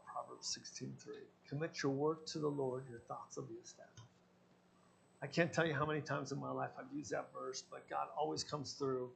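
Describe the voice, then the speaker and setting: A man's voice: mid-range voice, steady tone, normal speed, creaky, long pauses. A man, a pastor, preaching a sermon and telling personal stories, acting out the dialogue in them. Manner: storytelling, acting out his own quoted dialogue.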